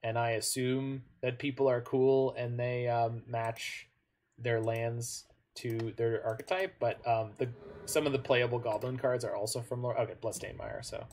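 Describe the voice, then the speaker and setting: Guy narrating his card game as he plays, mid pitch, thinking out loud, keeps correcting himself. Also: level tone, measured pace. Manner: musing, thinks aloud with frequent self-corrections and asides. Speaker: gamer commenting on his own online card game matches. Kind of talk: casual gameplay commentary.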